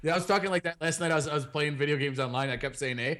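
A young man with a slightly high voice co-hosts a podcast in loose, joking banter. His talk is casual and full of quick asides. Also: pushed and bright. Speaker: podcast co-host. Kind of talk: casual chat.

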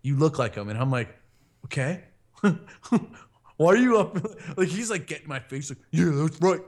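A man's voice: on the high side, very animated, unhurried. A man co-hosting a casual podcast, telling rambling stories and acting out what other people said. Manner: rambling storyteller, acts out quotes. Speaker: podcast co-host.

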